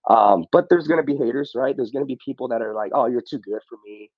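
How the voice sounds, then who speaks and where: A man's voice: medium pitch, fast, dry recording, dull audio. A man speaking as a podcast guest in casual motivational talk, often saying "bro" and "you know what I mean".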